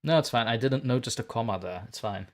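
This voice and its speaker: Livestream host, man, mid-pitch voice, teasing chat-reader, playful and a bit scatterbrained. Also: fast talker. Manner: playful, teasing banter while reading chat aloud. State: just got home, a bit scatterbrained.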